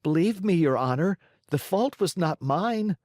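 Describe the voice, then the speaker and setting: A man's voice: fairly high pitch, measured pace, mellow, dry recording, clean studio sound, voice pushed up, close to an everyday voice. A man voicing a pleading wooden boy puppet.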